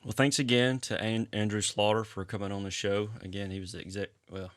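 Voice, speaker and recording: Laid-back Southern US man, lowish voice. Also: flat delivery, a little fast. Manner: laid-back, plainspoken, some restarts. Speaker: podcast co-host. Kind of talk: casual chat and news roundup.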